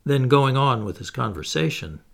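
Gravelly, expressive male audiobook narrator. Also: medium pitch, moderate pace. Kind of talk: scripted narration.

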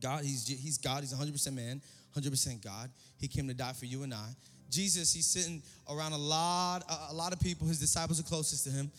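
A man's voice: fairly high pitch, fairly quick. Guy pastor preaching in church, pumps up the crowd, repeats lines, echoey big room. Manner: energetic preaching with call-and-response and repetition. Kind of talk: sermon. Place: church service. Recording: long hall reverb, faint music.

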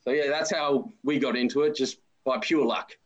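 A man in his forties with an Australian accent, a podcast guest telling relaxed, friendly stories. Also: medium pitch, normal speed, lo-fi sound. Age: 40s. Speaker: interview guest, amateur footballer. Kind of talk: casual interview storytelling.

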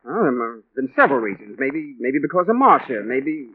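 An actor playing a nervous, defensive young fiancé in a vintage radio drama. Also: male voice, mid-range voice, sing-song, normal speed, dry recording. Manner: defensive, flustered. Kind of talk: 1940s radio acting. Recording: tinny old radio broadcast.

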